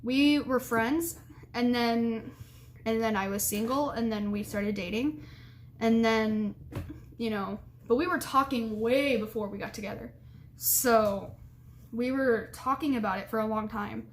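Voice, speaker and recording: Young woman vlogger, slightly high voice, chatty, rambling, giggly, casual advice talk. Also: measured pace, slight background noise.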